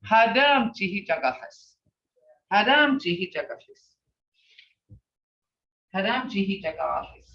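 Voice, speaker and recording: Slow, lively woman language teacher. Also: medium pitch. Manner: slow, patient, repeats phrases for practice. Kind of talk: online language class. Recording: roomy, distant, dull lo-fi sound.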